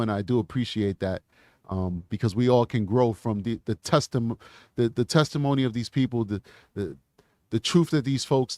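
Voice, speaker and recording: A man's voice: mid-range voice, dry recording. Male true crime live-show host, earnest, emotional, repeats and restarts, dry close mic. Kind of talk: live stream sign-off and channel pitch.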